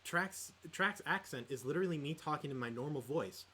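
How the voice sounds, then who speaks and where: A man's voice: fairly high pitch, lively intonation, a little fast, bright, forceful tone, a little hiss or hum. A man co-hosting a podcast in casual chat, rambling with lots of fillers and laughs. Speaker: podcast co-host.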